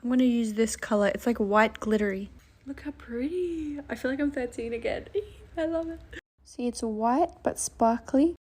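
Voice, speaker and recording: A woman's voice: a little high, moderate pace, darkish tone. A young woman chatting through a casual vlog, bubbly and laughing often. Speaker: vlogger.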